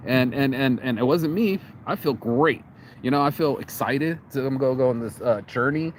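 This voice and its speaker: A man's voice: mid-range voice, a little fast. American guy vlogging outside in the cold on his phone, rambly and sweary, keeps restarting, little bit of street noise. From United States. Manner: rambling, profane, repeats words and restarts. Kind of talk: casual vlog monologue. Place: outdoors on a cold day.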